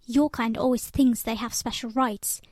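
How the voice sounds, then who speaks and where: A woman's voice: on the high side, steady tone, normal speed, darkish tone, no room sound, clean studio sound, lightly acted. A woman voicing an angry young male stableman who growls and mocks, in a read-aloud novel. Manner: bitter, growling, mocking.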